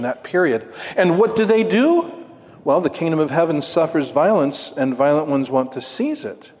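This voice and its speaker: A man of middle pitch gives an expository Bible lesson, asking his audience questions and then answering them. His voice rings out with a long hall reverb, as if he is speaking in a large meeting room. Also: darkish tone. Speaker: Bible teacher.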